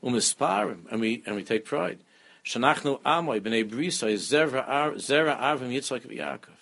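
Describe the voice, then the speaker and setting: Animated man giving a Torah class. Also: mid-range voice, moderate pace, vocal fry. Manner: animated, repeats phrases, mixes Hebrew terms into English. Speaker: rabbi teaching a class.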